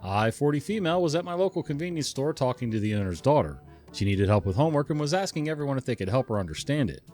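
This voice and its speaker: A man telling stories in a relaxed, chatty manner, chuckling often and drifting into asides. His pitch moves around a lot as he talks. Soft guitar music plays quietly behind him. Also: fast. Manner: chuckling, conversational, digressive. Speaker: storytelling channel host. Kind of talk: casual story narration.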